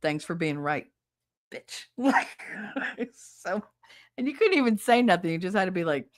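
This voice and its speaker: A middle-aged woman chats alone on her podcast in a somewhat low voice. She rambles from one memory to the next and pokes fun at herself along the way. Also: sing-song, measured pace. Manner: rambling, nostalgic and self-mocking. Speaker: podcast host. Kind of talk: casual solo chat.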